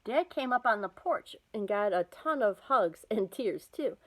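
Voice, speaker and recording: A woman reading a children's novel aloud, with lively, expressive storytelling. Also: mid-range voice, measured pace, low-quality recording. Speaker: storybook reader.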